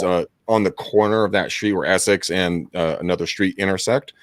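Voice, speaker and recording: This is a man in his thirties with a low voice that swings widely in pitch as he jokes and swears through his stories. He laughs hard at his own tales, and the recording is dry, with no room sound. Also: no echo. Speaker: real estate agent hosting a live cold-calling stream. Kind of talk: casual chat, storytelling.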